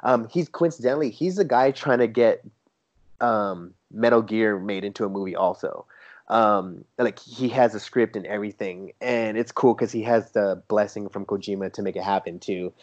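Male guest, casual chat, eager storyteller, animated quoted voices, muffled lo-fi recording. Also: lowish voice, moderate pace. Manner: enthusiastic storyteller who quotes others in a lively, raised voice. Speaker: toy photographer guest. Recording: dull lo-fi sound.

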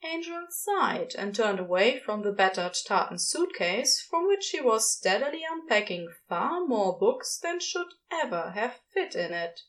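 A woman reading a fan story aloud in a gentle, expressive narration. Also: mid-range voice. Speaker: podfic reader. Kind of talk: scripted narration.

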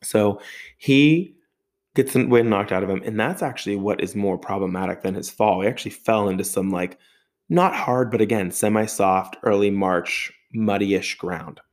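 Animated man with a low voice telling a story. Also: normal speed. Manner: animated storyteller with sound effects and swearing. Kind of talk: storytelling monologue.

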